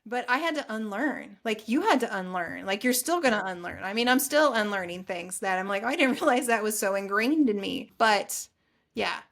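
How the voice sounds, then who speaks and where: A middle-aged woman telling her story as a podcast guest, chatty and animated, acting out quoted lines. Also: medium pitch, moderate pace, vocal fry. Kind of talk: casual storytelling interview.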